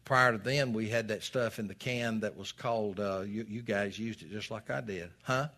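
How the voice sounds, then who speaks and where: A man's voice: lowish voice, normal speed, pushed and bright. An older man preaching a sermon as a pastor, folksy and storytelling, with dramatic rises in his reading.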